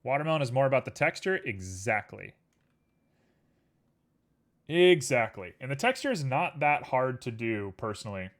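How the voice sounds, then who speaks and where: While working on a livestream, this man keeps up a jokey, playful chat with viewers and wanders into rambling asides. He has a mid-range, fairly bright, sing-song voice, speaking at a normal speed and pausing often.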